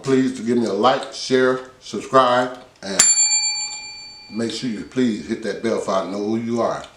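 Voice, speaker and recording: Man hosting a cooking vlog, deep voice. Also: roomy sound, recorded from a distance, a little hiss or hum. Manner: chatty, talks with mouth full while tasting. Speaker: cooking channel host. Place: home kitchen.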